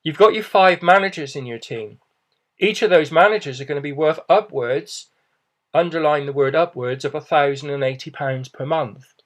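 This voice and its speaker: A man's voice: fairly high pitch, brisk. A middle-aged man giving a persuasive business presentation, reassuring and often adding "okay" and "you know".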